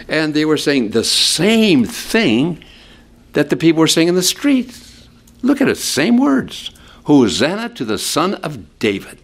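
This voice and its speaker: Animated preaching man, lively pitch. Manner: conversational, explains scripture with asides; animated, sweeping pitch for emphasis. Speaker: pastor. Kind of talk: expository sermon.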